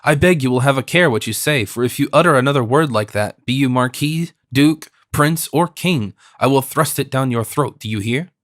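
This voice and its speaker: A man reading the part of a bold, quick-tempered young Gascon swordsman in an audiobook, defiant and mocking. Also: mid-range voice, a bit bright, dry recording, clean studio sound, lightly acted. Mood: threatening.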